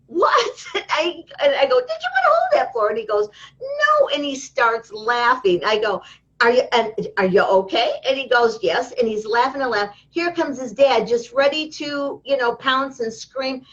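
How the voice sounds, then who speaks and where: Lively storytelling woman on a dull line. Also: a little high. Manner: lively storyteller who acts out quoted voices. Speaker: interview guest, healing teacher. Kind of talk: casual interview talk. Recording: dull lo-fi sound.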